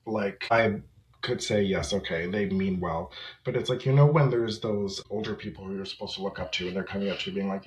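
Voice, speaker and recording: Guy in his 30s talking about growing up, kinda low voice, candid and reflective, echoey room. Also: fairly quick, slight background noise. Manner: reflective, candid, with small laughs. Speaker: podcast guest, memoir author. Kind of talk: personal storytelling in conversation. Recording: roomy echo.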